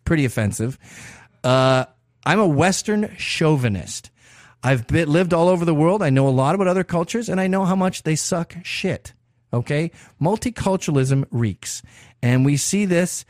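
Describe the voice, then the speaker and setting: A podcast host with a slightly high voice delivers an opinion monologue as a provocative, sarcastic rant packed with swearing, his pitch swinging widely as he mocks and jabs. The sound is dry and close, with no room sound.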